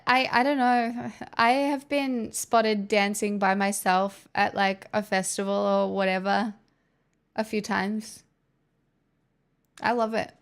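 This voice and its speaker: A woman's voice: medium pitch, gravelly, clean tone. An Australian woman livestreaming, chatting casually and answering viewers' messages with rambling restarts.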